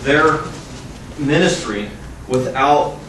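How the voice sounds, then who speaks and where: A man introduces the next speaker at a club meeting, reading haltingly and tripping over the words. He is picked up from far away in a very echoey room. Background noise is clearly audible. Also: medium pitch. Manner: halting, stumbles over the text. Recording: echoey room, distant mic, some noise.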